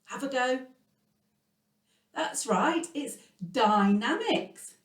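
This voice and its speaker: An English woman leading a children's music lesson, animated and sing-song, swinging between loud words and whispers. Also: high voice, extremely slow. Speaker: music teacher. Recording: echoey room, voice from a distance.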